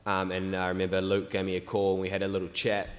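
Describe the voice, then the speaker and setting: A young man, an actor guest, answering fan questions on a convention panel in a relaxed, rambling way full of fillers. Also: deep voice, quick pace. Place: large convention hall stage. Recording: reverberant convention hall.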